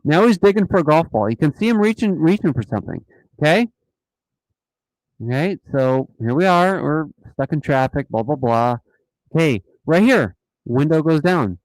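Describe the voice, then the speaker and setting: A man's voice: a little high, normal speed, dry recording, poor audio. Guy on a live stream reacting to dashcam clips, bouncy voice, mocking, dry close mic. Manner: animated, mocking, repeats himself. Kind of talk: casual live-stream chat.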